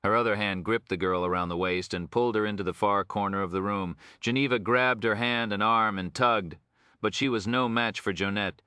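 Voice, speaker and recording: A man giving scripted audiobook narration in a steady storytelling delivery. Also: lowish voice, a little fast, clean tone, no echo, studio quality.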